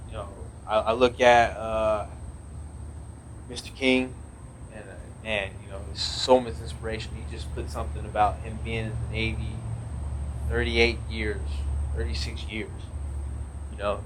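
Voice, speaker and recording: A man in his thirties speaks in a somewhat low voice, earnest and rambling, circling back through restarts and fillers as he talks. It is a relaxed podcast conversation with faint background noise under his voice. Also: normal speed. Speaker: podcast guest, naval officer. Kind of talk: casual conversational interview.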